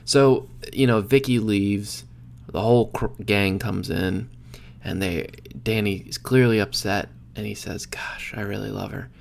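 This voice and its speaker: A young man co-hosts a podcast, casually recapping a sitcom episode with animated retellings and quick acted-out quotes. His voice is lowish and creaky.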